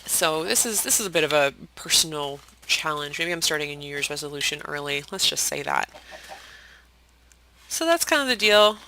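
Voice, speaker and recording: A young adult chatting casually while playing a game, rambling and self-deprecating, sometimes dropping into soft whispered asides. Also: medium pitch, lively intonation, moderate pace, a little hiss or hum, low-quality recording. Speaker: Minecraft let's-play host. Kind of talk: casual gameplay commentary.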